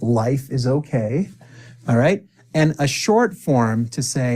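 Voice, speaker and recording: An upbeat man teaches a spoken English lesson in a voice of ordinary pitch. He coaxes his learners along and says each example phrase slowly and clearly so they can repeat it back. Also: animated, darkish tone.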